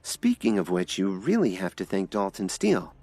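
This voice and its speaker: A man's voice: sits low, wildly swooping pitch, moderate pace, a little mellow, slightly rough, no echo, faint music behind, full character voice. A man voicing an anxious, caring young woman in an audio drama, pleading and worried. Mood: explaining.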